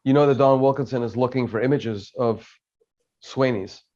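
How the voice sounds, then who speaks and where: Halting man hosting a podcast. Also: mid-range voice, dark tone, muffled recording. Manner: halting, many fillers and restarts. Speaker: podcast host. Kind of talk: casual interview chat.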